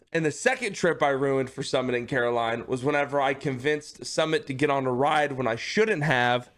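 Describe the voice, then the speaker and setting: A man's voice: mid-range voice, moderate pace. A man livestreaming, telling a long funny story to his chat in a casual, profane way, laughing often and tacking "okay?" onto his sentences. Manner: animated, profane, keeps checking in with "okay?".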